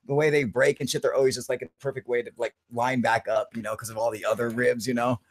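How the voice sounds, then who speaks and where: A man's voice: medium pitch, little pitch movement, quick pace, no echo. Man, live-stream host; casual, swearing, narrates his screen work; dry sound. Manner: loose, heavily profane, narrates his computer actions aloud.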